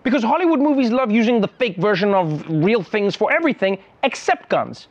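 A man's voice: high-pitched, very animated, a little fast, muffled recording. A man hosting a comedy show, delivering a sarcastic, incredulous satirical monologue.

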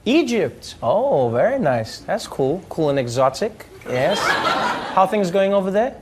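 A male comedian fields questions from a live audience in a stand-up style Q&A, his voice high-pitched and unhurried. He's an animated storyteller who laughs mid-sentence and keeps drifting into impressions. The hall is noisy with audience laughter and murmuring.

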